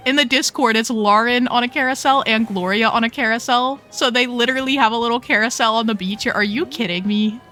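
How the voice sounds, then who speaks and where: A woman's voice: fairly high pitch, brisk, few pauses, pushed and bright, soft background music. A young woman hosting a casual video game tour, gushing and playful with lots of slang. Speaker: host touring game islands. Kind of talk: casual gameplay commentary.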